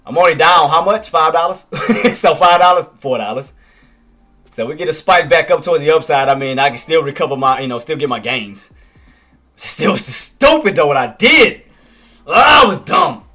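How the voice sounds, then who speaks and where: A man's voice: a little high, animated, normal speed, bright, forceful tone. A man doing casual live trading commentary, who swears at himself and keeps talking himself down. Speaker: day trader streaming live commentary.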